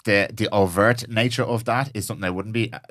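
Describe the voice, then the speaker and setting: A man hosting a podcast, speaking casually and thoughtfully, pausing to find his words. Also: lowish voice, steady tone, fairly bright tone. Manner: thoughtful, searching for words with restarts. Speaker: podcast host. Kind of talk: casual chat.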